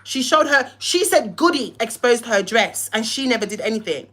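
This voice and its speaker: A woman's voice: fairly high pitch, expressive, normal speed, a bit bright. A young woman, hosting a livestream and heatedly telling a story, cussing and acting out both sides of phone calls. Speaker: live-stream host.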